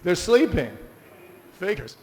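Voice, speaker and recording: Animated man in a reverberant hall. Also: sits high, slow pace. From United States. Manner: animated storyteller, exclamatory asides to the audience. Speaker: class speaker. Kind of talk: lively scripture class talk. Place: temple hall with a live audience.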